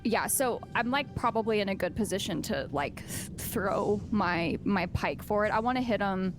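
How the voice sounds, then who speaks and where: A woman's voice: mid-range voice, animated, moderate pace, music in the background. A woman playing a tabletop game, describing her attack in casual, hesitant talk full of fillers. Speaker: player.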